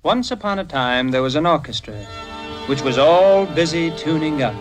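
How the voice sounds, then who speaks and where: Animated male storybook narrator, lively and a bit high, over orchestral music. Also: normal speed.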